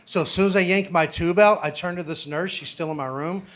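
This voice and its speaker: A man's voice: sits high, a little fast, a bit bright. A young man doing a stand-up set, telling a story with brash, profane punchlines. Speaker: stand-up comedian.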